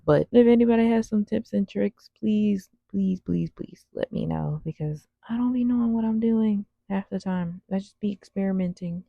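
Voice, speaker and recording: Woman vlogger, lowish gravelly voice, rambling slangy voice-over, dry dull lo-fi sound. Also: moderate pace, hardly any pauses, dark tone, dry recording. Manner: rambling, slangy, self-deprecating. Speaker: cosplay vlogger. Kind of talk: casual voice-over over makeup footage.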